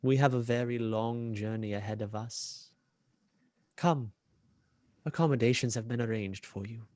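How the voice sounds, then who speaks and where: A man voicing a masked imperial commander who is polite and menacing, speaking in a slow, courtly way. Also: mid-range voice, darkish tone, dry recording, natural voice. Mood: intrigued. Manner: slow, courtly, drawn-out delivery.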